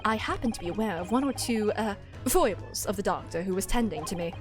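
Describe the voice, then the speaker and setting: A woman voicing an eccentric gentleman detective, reading game dialogue with grand, pompous, old-fashioned phrasing. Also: medium pitch, animated, fast talker, music in the background, close to an everyday voice.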